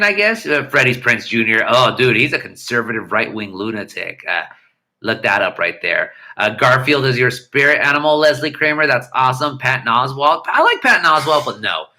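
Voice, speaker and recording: A middle-aged man hosting a loose livestream chat, answering viewer questions in a blunt, irreverent, rambling way. His voice has a very bright edge at a medium pitch.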